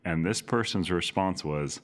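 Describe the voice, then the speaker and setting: A soft-spoken man co-hosting a podcast, telling stories in casual chat. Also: low-pitched, measured pace. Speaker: podcast co-host.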